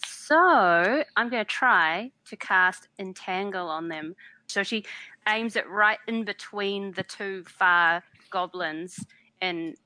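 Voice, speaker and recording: A woman playing a tabletop game, deliberately describing her character's spell. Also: mid-range voice, pushed and bright, no echo, low-quality recording. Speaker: player. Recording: dry, close sound.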